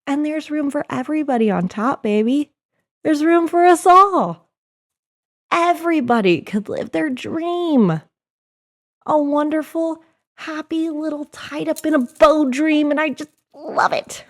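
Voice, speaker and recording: A young woman hosting her own podcast, excitable and loud in a motivational pep talk, then soft and hushed as she guides breathing. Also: high-pitched. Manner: excitable, loud and pumped-up, repeating encouragements; soft, slow and hushed while guiding breath work. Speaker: podcast host and life coach.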